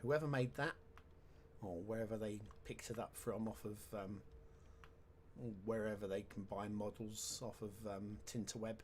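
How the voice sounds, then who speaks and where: A man's voice: on the low side, steady tone, unhurried, darkish tone, a little hiss or hum. Wry man talking through a game. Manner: chatty and wry, with sarcastic asides. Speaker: game commentator. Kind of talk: casual let's-play commentary.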